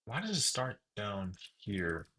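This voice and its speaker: A man's voice: lowish voice, very animated, slow, pushed and bright. A man talking through his coding work in a casual, muttering way, swearing now and then, with the hiccups. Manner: muttering to himself, swears freely. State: has the hiccups. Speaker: programmer streaming his coding.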